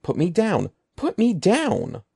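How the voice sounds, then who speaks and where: Man doing a shrill, desperate kid of twelve; high, cracking, gravelly edge. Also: wildly swooping pitch, unhurried, darkish tone, heavily acted. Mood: panicked. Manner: shrill, frantic pleading. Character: panicked twelve-year-old boy. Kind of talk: storybook character voice.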